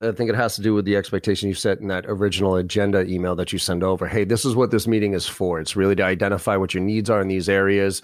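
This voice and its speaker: A man giving brash, animated sales advice in a podcast conversation, acting out both sides of sales calls. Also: deep voice, fast talker, hardly any pauses, dry recording, studio quality. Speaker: sales trainer guest.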